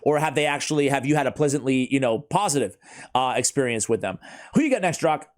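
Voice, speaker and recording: A man's voice: mid-range voice, animated, quick pace, soft background music. A man hosting a casual gaming chat, rambling with lots of fillers and laughing often. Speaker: YouTube gaming channel host.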